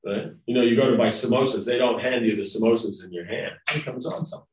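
A man's voice: medium pitch, quick pace. Rambling male lecturer in a roomy hall. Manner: rambling, conversational, often asks "right?". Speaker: spiritual lecturer. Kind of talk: devotional class lecture. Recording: roomy, distant mic.

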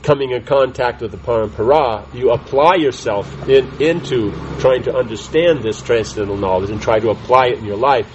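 A man teaches a conversational scripture class, halting and restarting his sentences and repeatedly asking "right?" to check in. His voice is medium-pitched, and the audio is dull with slight background noise.

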